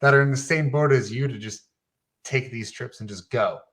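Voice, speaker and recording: A man's voice: mid-range voice, normal speed, a bit bright. Casual male podcast host asking questions. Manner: curious, informal questioning.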